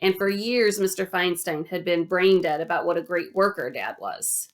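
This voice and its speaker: A woman reading a children's novel aloud in an animated, expressive way. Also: on the low side, normal speed. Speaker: audiobook reader.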